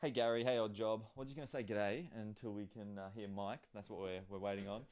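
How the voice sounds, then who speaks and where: Laid-back Aussie guy co-hosting a chat stream, lowish voice, trails off with fillers. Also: fairly quick. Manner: relaxed, hesitant, many fillers. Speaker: stream co-host. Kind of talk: casual live-stream chat.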